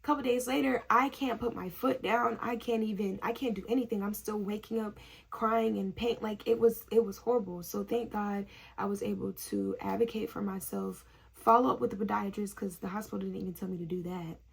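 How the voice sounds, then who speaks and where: A woman's voice: mid-range voice, fairly even intonation, a little fast, gravelly, breathy edge. A young woman, a nursing student, telling a story in casual vlog chat, chatty and laughing often.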